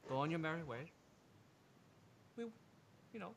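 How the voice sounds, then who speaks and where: A man running a tabletop role-playing game as game master, narrating and voicing characters with animated energy. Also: fairly high pitch, moderate pace, creaky, slight background noise. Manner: animated, switches into character voices.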